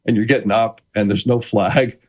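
A man's voice: on the low side, fairly even intonation, normal speed, muffled recording. A middle-aged man, a former quarterback, talking as a guest in an interview with many restarts and a playful manner. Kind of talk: casual interview chat.

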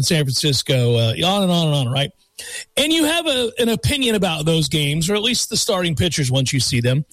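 A man's voice: high voice, fairly bright tone, dry recording. A man hosting a sports radio show, talking casually and rambling with self-corrections. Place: radio studio.

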